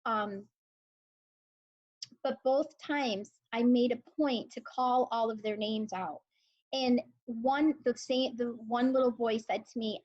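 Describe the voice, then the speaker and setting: Forties woman teacher, emotional and earnest, somewhat high, muffled lo-fi sound. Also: steady tone, unhurried. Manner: emotional, earnest storyteller with many fillers. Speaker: high school English teacher, guest. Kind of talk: conversational interview.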